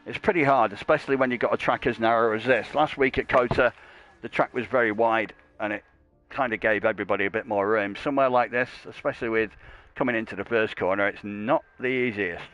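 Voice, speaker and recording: A man giving live commentary on an online racing league. He is chatty and jokey, rambles through asides, and gets louder and higher when a race starts. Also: fairly even intonation, brisk. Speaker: sim racing commentator and stream host.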